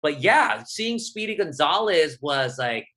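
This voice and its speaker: Animated man from Southern California. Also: a little high, a little slow. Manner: animated, many fillers, quotes his younger self. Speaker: guest columnist. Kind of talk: casual interview talk.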